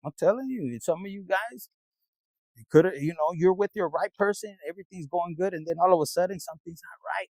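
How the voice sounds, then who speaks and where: A man with a high, gravelly voice rambles through a casual tarot reading in a dry, close sound, cursing freely and talking straight to his viewers in a loose, streetwise way. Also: brisk, a little mellow, dry recording, rough recording. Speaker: tarot reader.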